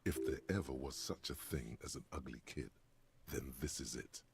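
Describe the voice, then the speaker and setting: A man giving scripted, measured narration for a detective game. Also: very noisy. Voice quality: gravelly, very deep.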